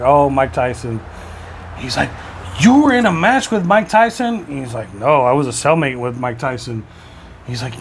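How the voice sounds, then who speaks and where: A man's voice: a little high, a little hiss or hum. A man in his forties co-hosting a podcast in casual chat, telling crude jokes and laughing at them. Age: 40s. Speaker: podcast co-host.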